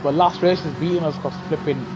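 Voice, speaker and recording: A man giving live commentary over his racing game through a gaming headset, muttering to himself and breaking into excited shouts. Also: a little high, a little fast, noisy background. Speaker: gaming streamer. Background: game music and car engine sounds.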